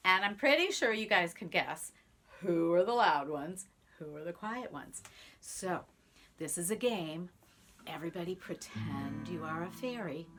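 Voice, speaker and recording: A woman speaking softly and directly to children, teaching music and telling stories. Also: fairly low pitch. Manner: soft, hushed, addressing children directly. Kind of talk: storytelling and teaching to kids.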